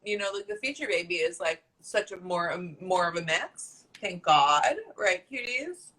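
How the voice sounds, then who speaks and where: Bright-voiced gushing woman host. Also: lowish voice, lively intonation, normal speed, low-quality recording. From New Jersey. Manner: gushing and playful, swears freely. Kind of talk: casual chat.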